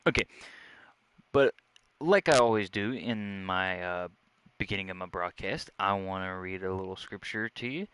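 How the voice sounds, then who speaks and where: Southern US man, casual vlog chat, bright clear voice. A chatty, joking host rambling to camera with a fairly low pitch. Close and dry on his own microphone. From Southern United States. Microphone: own desk microphone.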